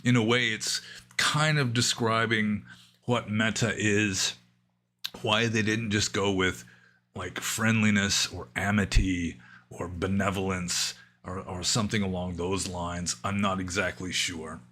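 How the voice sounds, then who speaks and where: A man with a somewhat low voice and a bright, crisp edge talks through viewer questions on a livestream. He thinks aloud, trailing off into asides and small hesitations. His delivery is unhurried and conversational. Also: little pitch movement, slight background noise. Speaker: Buddhist monk answering viewer questions. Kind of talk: livestream Q&A, casual explanation. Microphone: livestream microphone.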